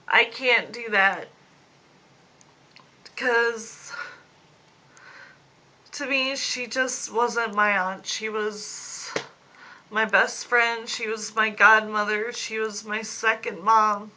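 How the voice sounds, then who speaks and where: A grieving young woman in her late twenties records a personal video diary on her phone. She talks slowly and haltingly, holding back tears. Her voice is fairly high and bright. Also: fairly even intonation, low-quality recording. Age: 20s. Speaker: vlogger. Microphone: phone camera.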